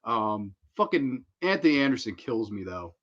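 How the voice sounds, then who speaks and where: A man hosting a casual livestream, excitable and profane, laughing often as he talks. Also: medium pitch, normal speed, lo-fi sound. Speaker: livestream host.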